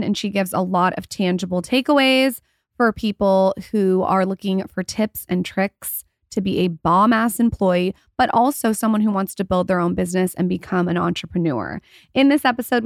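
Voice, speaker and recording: A woman's voice: medium pitch, no room sound, clean studio sound. A woman hosting a podcast, introducing her guest in an upbeat, enthusiastic way. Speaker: podcast host. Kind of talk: casual chat.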